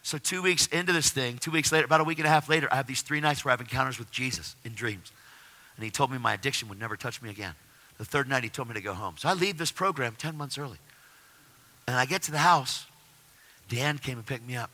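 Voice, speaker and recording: Bright-voiced excitable man. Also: medium pitch, quick pace. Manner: excitable, animated storyteller. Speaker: testimony speaker. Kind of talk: personal faith testimony.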